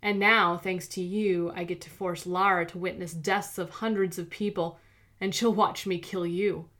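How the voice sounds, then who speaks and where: A woman voicing a menacing, vengeful male villain who threatens and shouts. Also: lowish voice, fairly even intonation, moderate pace, close to an everyday voice.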